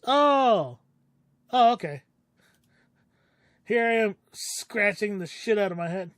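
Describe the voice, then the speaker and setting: A man's voice: sits high, lively intonation, slow, pauses often, fairly bright tone, dry recording, clean studio sound. A man streaming a game, chatting casually as he thinks aloud and swears now and then. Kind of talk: casual game playthrough commentary.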